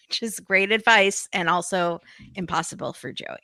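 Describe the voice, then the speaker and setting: A woman's voice: medium pitch, unhurried, sharp tone, no room sound, clean studio sound. A woman hosting a podcast, chatting casually and retelling scenes with lots of "like" and "um". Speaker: podcast host. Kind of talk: casual recap chat.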